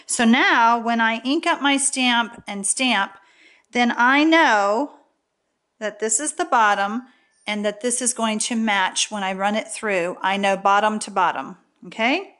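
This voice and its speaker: A woman's voice: a little high, unhurried, fairly bright tone. A woman demonstrating a paper craft in a casual, chatty tutorial, often checking in with "okay?". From Texas.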